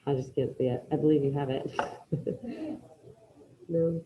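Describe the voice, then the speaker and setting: A woman teaching a Spanish class online, brisk and encouraging, calling out students by name as she checks their answers. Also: low voice, very animated, narrow, tinny audio, noisy background.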